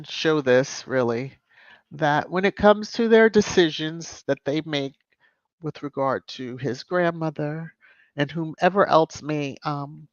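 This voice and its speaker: In a relaxed live-stream chat, a female YouTube host reads comments, welcomes viewers by name and makes emphatic side remarks. Her voice sits low, and the recording is dry and dull.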